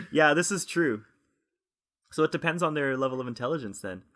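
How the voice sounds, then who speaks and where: A young man co-hosting a casual podcast, excitable and quick to laugh. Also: fairly high pitch. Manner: excitable, animated, laughs a lot. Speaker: podcast co-host. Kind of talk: casual chat.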